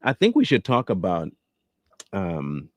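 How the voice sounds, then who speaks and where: Male host, low and lively, loose rambling chatter, dry close sound. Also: measured pace, no echo. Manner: rambling, repeats himself, chuckling. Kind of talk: casual livestream sign-off chat.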